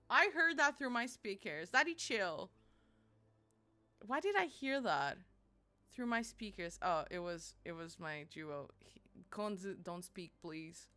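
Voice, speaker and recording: A young woman streaming live, chatting casually and animatedly, laughing and apologizing a lot and squealing when excited. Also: medium pitch, takes it slowly.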